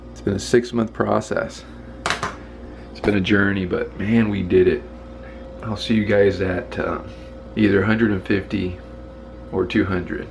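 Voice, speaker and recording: Gravelly low-voiced man vlogging casually. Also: fairly even intonation, a little slow, pauses often, background noise. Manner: upbeat, laid-back, celebrating milestones. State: scratchy just-woke-up voice. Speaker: YouTube channel host. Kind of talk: casual check-in vlog.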